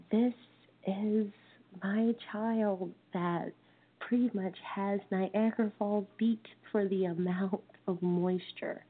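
A woman in her thirties gives a dharma talk as a lay minister, telling a family story with gentle, wry humor. She speaks slowly in a somewhat low voice. The recording is thin and phone-like. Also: husky. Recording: tinny phone-like sound.

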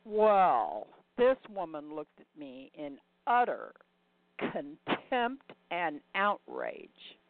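An older woman delivers a reflective monologue, telling a story and putting rhetorical questions to the listener. Her voice sits low with huge pitch swings, moving slowly with few pauses. The sound is dry and tinny, like a phone.

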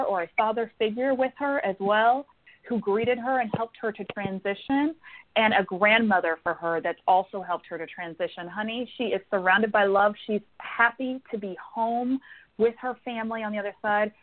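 A woman psychic medium giving call-in readings on the radio, talking emphatically and repeating words for stress. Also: mid-range voice. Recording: phone-line sound.

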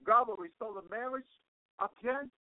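A man's voice: extremely high pitch, moderate pace, no echo. A man preaching on a radio program, fervent and repetitive, constantly breaking in with praise-the-Lord interjections. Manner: repeats and restarts phrases for emphasis. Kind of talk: radio sermon. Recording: narrow phone-like radio line.

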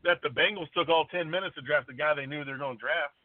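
A man calling in to a sports radio show, telling animated stories about football and his friends. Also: on the high side, fast talker, dry recording. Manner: animated storyteller, does voices of friends. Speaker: caller. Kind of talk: casual sports talk. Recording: tinny phone line.

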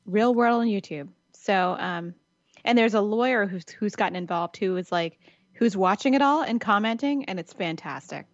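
A woman's voice: medium pitch, moderate pace, no room sound. Chatty woman, dull dry lo-fi. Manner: chatty, laughs often, repeats "it's fantastic". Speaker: podcast co-host. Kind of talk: casual chat.

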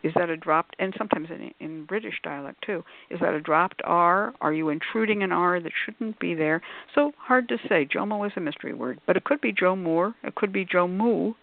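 A woman's voice: lowish voice, fairly quick, creaky, few pauses, dry recording. A woman author on a call-in radio panel, explaining at length in a discursive, scholarly way with many asides. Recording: tinny phone-like line.

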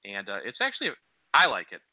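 A man hosting a talk radio show, giving opinionated, sarcastic commentary that often slips into a mocking high voice. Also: huge pitch swings, fast, dry recording. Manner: sarcastic, scoffing, mocks in a high voice. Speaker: radio host. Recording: dry, tinny phone-like sound.

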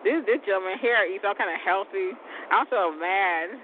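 A man hosting his own show in a loose, rambling chat, laughing often and cursing mildly. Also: moderate pace. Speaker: show host. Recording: tinny phone-like audio with vehicle rumble.

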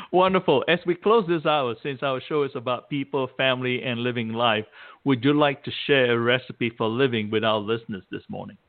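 A man's voice: mid-range voice, fairly quick. A man hosting a talk radio interview, asking questions and closing the show in a polite, formal way. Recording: dry, tinny phone-like sound.

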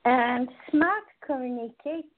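A woman radio host and holistic coach speaks slowly and deliberately. She leaves pauses and asks her listeners rhetorical questions. Her rather high voice comes through a thin, phone-like line. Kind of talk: radio talk show monologue. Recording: tinny phone-line sound.

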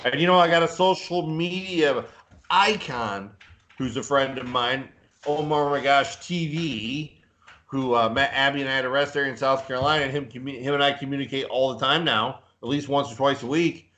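A man's voice: medium pitch, moderate pace, bright, forceful tone. A man co-hosting a casual live podcast, a boastful, rambling storyteller who talks up his own toughness. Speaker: podcast co-host.

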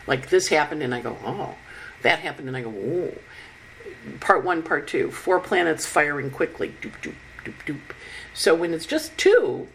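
A woman talking through her weekly astrology forecast, animated and chatty, slipping into little voices for the planets, while unwell. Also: deep voice, slight background noise, poor audio. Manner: animated, acts out planets' voices in quick asides. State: unwell with covid.

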